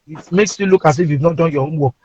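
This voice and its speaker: A man with a Nigerian accent, a comedian telling playful anecdotes in an animated way, speaking from inside a car. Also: on the high side, fast, slight background noise. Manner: animated, playful, acts out voices. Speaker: comedian guest. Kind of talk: casual anecdotal storytelling. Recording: dull lo-fi remote audio.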